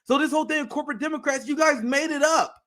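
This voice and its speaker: A man's voice: extremely high pitch, quick pace, fairly bright tone. A man co-hosting a political talk show, speaking bluntly and profanely, often laughing and stammering through restarts. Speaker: political podcast co-host.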